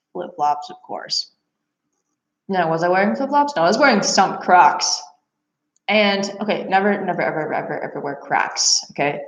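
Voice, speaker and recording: Chatty young woman laughing through a story. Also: on the low side. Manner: animated, laughs often, many fillers. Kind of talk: casual storytelling. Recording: echoey room, dull lo-fi sound.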